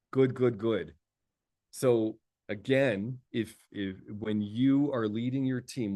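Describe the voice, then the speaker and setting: A man working as an executive coach, talking casually and telling stories with frequent laughter and repeated words. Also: on the low side. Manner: lively storyteller who laughs often; repeats words while thinking. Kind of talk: casual conversational talk.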